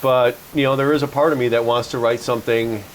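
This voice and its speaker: A man hosting a podcast, telling stories in a relaxed, joking way and poking fun at himself. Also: medium pitch, fast talker, a little hiss or hum, low-quality recording. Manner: chatty storyteller, jokes about himself. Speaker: podcast host. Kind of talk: casual chat.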